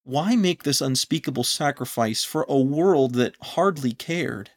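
A man narrating a scripted story in a measured, solemn reading. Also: medium pitch, lively intonation.

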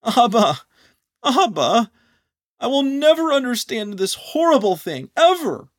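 A man voicing a distraught young male angel who begs in a high, loud voice. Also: big pitch swings, a little slow, heavily acted. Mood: despairing. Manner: high, loud, desperate pleading.

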